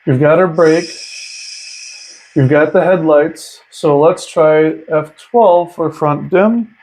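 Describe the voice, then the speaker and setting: A man's voice: fairly high pitch, takes it slowly, a little mellow, rough recording. A man hosting a casual hands-on hobby tutorial, chatty and enthusiastic, thinking aloud as he works. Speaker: model train hobbyist host.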